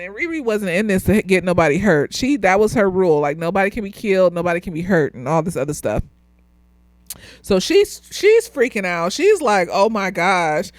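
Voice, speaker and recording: A woman's voice: mid-range voice, no echo. Tipsy woman rambling a show review. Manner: loose, rambling, swears freely, laughs often. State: slightly tipsy.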